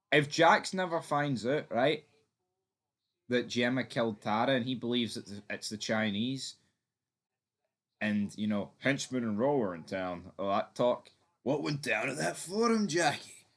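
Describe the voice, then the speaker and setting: A man's voice: mid-range voice, animated, unhurried, pauses often, a bit bright. A man hosting a fan theory channel, giving his opinion in a chatty, emphatic way with some swearing. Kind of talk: casual opinion commentary.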